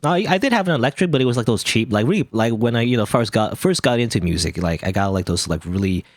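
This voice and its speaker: A man's voice: medium pitch, expressive, fast, no room sound. A man casually commentating on a video game as he plays it, chatty and rambling. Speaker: let's play host.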